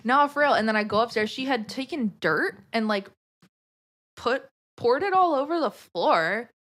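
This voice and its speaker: A woman's voice: a little high, normal speed. Woman podcast guest, chatty, swears a lot, says like every other word. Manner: animated, profane, heavy use of "like". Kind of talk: casual storytelling.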